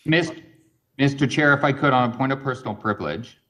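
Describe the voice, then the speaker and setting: A man's voice: mid-range voice, fairly quick, pushed and bright. A man with a Canadian accent, a city councillor making playful, teasing remarks during a meeting.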